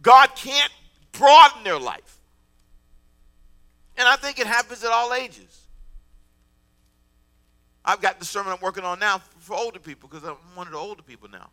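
A man in his fifties preaches in a high, piercingly bright voice. He calls out to his congregation for answers and builds into forceful exhortation. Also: brisk, long pauses. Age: 50s. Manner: call-and-response preaching, rising to emphatic exhortation. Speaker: pastor. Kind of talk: sermon. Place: church before a congregation.

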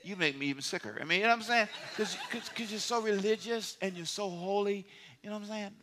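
A man preaching a sermon in a church, animated and conversational, swinging from loud outbursts to hushed asides. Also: high-pitched, fast talker, noisy background. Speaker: pastor. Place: church sanctuary.

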